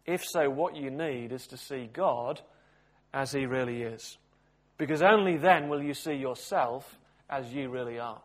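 A man preaching a sermon, telling a story expressively with big swings in loudness. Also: medium pitch, measured pace.

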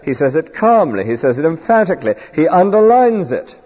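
A man delivers an emphatic sermon with a lively, rising and falling pitch and a mellow, husky tone. His voice rings with long reverb through a church, captured on a dull lo-fi recording. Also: a little fast. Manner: earnest, emphatic expository preaching. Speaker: preacher.

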